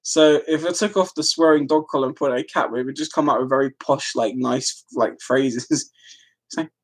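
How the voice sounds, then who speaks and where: A woman's voice: a bass voice, moderate pace. An Irish woman chatting casually on a live stream, giggling and breaking into frequent fits of laughter.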